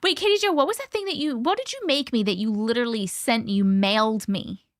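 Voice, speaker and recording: A woman hosts a relaxed live stream, chatting with viewers and greeting them by name between giggles. Her voice sits a little high and sounds close and dry on the mic. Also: brisk, no echo. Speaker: livestream host. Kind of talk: casual live chat reading comments.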